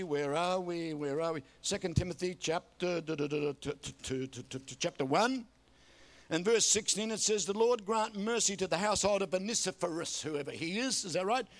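An older man preaching a sermon, telling folksy stories and calling for amens. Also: sits high. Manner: folksy storytelling with calls for amen. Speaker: pastor.

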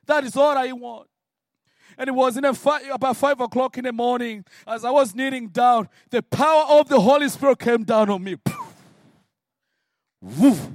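A man from Africa preaching a sermon and telling his own story, swinging from hushed words to shouted prayer. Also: very high voice, a little fast, dry recording, studio quality. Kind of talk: sermon testimony.

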